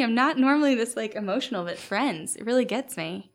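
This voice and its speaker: A woman's voice: on the high side, animated, a little fast. A woman podcast host recapping a sitcom episode in casual, chatty talk full of fillers. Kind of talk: casual chat.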